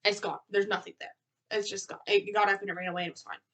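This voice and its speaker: A young woman co-hosts a casual vlog with a light Southern US accent. She tells stories in an animated, filler-heavy way. Her voice sits at an average pitch. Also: rapid-fire, a little hiss or hum. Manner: animated storytelling, lots of "like". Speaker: co-host. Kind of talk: casual chat.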